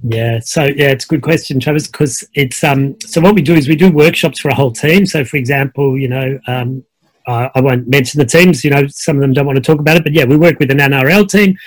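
With a brisk medium-pitched voice and no echo, a middle-aged Australian man appears as a guest coach on a video call. The conversation is casual, and he tells stories easily while leaning on many fillers.

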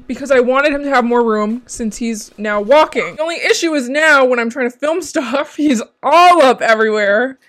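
A woman's voice: on the high side, a bit bright, dry recording. A young woman hosting a podcast from her bedroom, talking in a frank, chatty way, swearing casually and laughing often, and sounding tired. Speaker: podcast host. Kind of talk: casual chat. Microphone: handheld mic.

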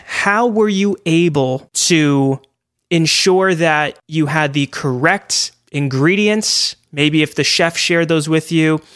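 A man with a fairly high voice hosts a podcast interview. He asks long, winding questions, and the recording is dry and close. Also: fairly bright tone, no room sound. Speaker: podcast host.

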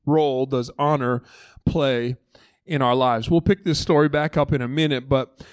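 With a clear, resonant mid-range voice and a moderate pace, a lead pastor in his thirties preaches conversationally from a church stage. The recording is dry, and he animatedly acts out the voices of the story.

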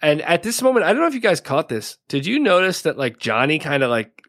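A man's voice: fairly high pitch, sing-song, brisk, a bit bright. Chatty man recapping a TV episode. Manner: chatty, laughs often, leans on "like" a lot. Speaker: podcast co-host.

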